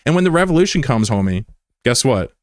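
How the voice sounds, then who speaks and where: A man's voice: mid-range voice, sing-song, fairly quick, no echo, clean studio sound. A man from the United States, a livestreamer in casual chat, taunting and combative with a viewer and swearing freely.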